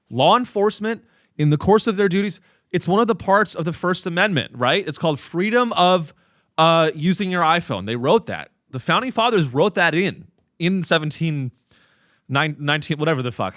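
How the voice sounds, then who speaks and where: Sarcastic, animated male podcast host. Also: a little high, no echo, studio quality. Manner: sarcastic and profane, with lots of fillers. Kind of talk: comedic podcast rant.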